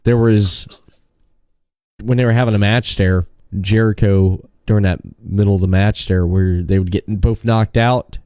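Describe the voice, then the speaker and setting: Male podcast host, low and mellow, easygoing with his guest. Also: fairly even intonation, unhurried, smooth, no echo. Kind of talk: casual chat.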